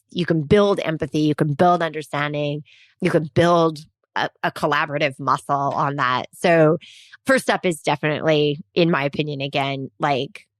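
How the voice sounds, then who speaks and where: A woman CEO speaking as a podcast guest, animated, laughing easily and acting out quoted voices. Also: low voice, no echo. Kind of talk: conversational interview.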